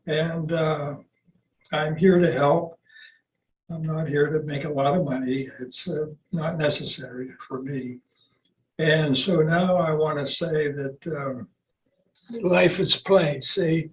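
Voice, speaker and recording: A man in his eighties telling stories casually as a qigong teacher, rambling and halting, with restarts and chuckles, heard over a video call. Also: on the high side, fairly even intonation. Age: 80s. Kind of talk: casual storytelling. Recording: roomy, distant video-call audio with faint noise.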